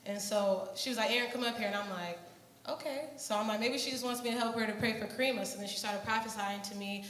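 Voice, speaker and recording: A woman's voice: fairly high pitch, fairly even intonation, quick pace, a bit bright. A young woman giving an earnest church testimony about her mission trip, telling her story with many fillers. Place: church hall. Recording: echoey hall, faint noise.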